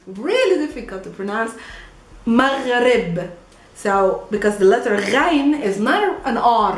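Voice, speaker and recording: A woman teaching a pronunciation lesson, playful and patient, repeating each word slowly and laughing often. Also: fairly high pitch, roomy sound. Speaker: Arabic teacher.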